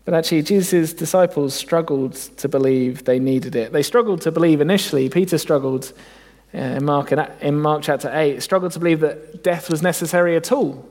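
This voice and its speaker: Man, preacher, earnest sermon, reflective, rhetorical questions, fairly high voice, long reverb of a church hall. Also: fairly quick, a little mellow.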